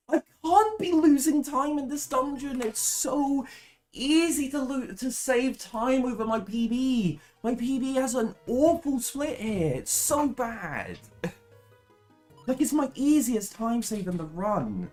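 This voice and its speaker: A young woman speedrunning a game, commentating live, swearing freely and ranting in frustration before rushing into technical explanations. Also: high voice, expressive, darkish tone, soft background music. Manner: swears a lot, rants in frustration, then explains in a rush.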